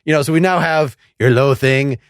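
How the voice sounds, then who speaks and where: A man's voice: mid-range voice, moderate pace, clear, resonant tone, no room sound, clean studio sound. A man hosting a music podcast, asking long, meandering questions in a casual, inquisitive way. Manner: inquisitive, rambling questions with frequent laughs. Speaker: podcast host. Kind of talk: casual interview chat.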